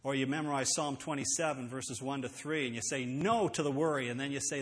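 A man preaching a sermon, earnest and emphatic, slowing down to read scripture aloud. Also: mid-range voice. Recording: long hall reverb.

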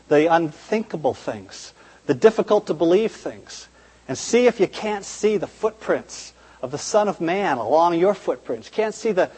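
A man's voice: sits high, darkish tone, slightly rough. A male preacher delivering an earnest, emphatic sermon in a church. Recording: reverberant church hall.

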